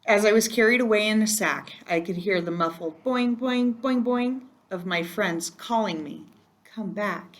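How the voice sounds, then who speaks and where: A woman reading a first-person children's chapter book aloud in a gentle storytelling manner. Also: mid-range voice, normal speed, few pauses. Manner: gentle, storytelling, occasional slips. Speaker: reader.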